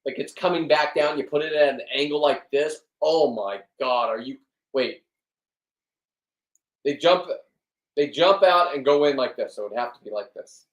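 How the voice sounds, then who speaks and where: Fifties male vlogger, foul-mouthed and jokey, high-ish voice, recorded off-mic in an echoey room. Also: normal speed. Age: 50s. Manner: crude, profane, loud and joking. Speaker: fishing and diving vlogger. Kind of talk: casual rambling monologue. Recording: roomy, from a distance.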